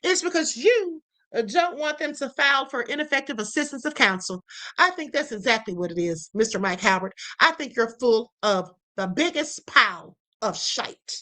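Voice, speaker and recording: A woman's voice: a little high, lively intonation, moderate pace, pushed and bright, low-quality recording. A woman hosting a live stream, giving emphatic, indignant commentary and talking straight to her viewers. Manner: emphatic, repeats "okay?" to the audience; indignant, addresses viewers directly.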